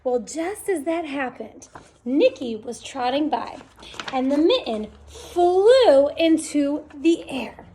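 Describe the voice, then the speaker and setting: A woman reading a children's picture book aloud, with a high voice that leaps up and down in pitch. She plays up the story with sound effects and an animated delivery. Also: takes it slowly, slight background noise. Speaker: storytime reader.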